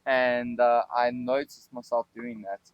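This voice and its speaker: A man's voice: medium pitch, level tone, a little slow, no echo, muffled recording. A man from South Africa with a South African accent, chatting casually and rambling a bit, often laughing at himself. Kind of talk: casual chat.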